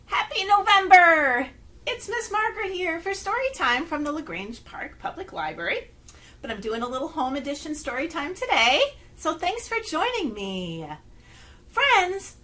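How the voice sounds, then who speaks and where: A woman's voice: sits high, bright, forceful tone. A woman, a children's librarian leading story time from home, talking to young children in a sing-song way. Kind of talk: children's story time with rhymes and finger plays.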